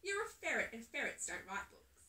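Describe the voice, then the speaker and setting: A teasing big-brother ferret from a storybook, matter-of-fact and a little bossy, as a woman reads him. The voice stays high and bright. It sounds roomy and distant, as if from a phone across the room. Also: sing-song, normal speed. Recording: echoey room, phone held away.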